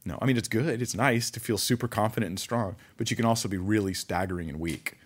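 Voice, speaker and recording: A man preaching a conversational sermon, reading scripture aloud and commenting with animated asides. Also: fairly low pitch, fast, husky. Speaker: pastor.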